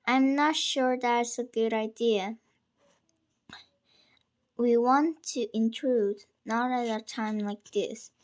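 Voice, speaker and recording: A nervous, fussing mother speaks in gentle, sometimes whispered tones, read aloud by a woman. The delivery is slow and sits a little high. It is the plain, unhurried sound of someone reading a novel aloud. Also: fairly even intonation. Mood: worried.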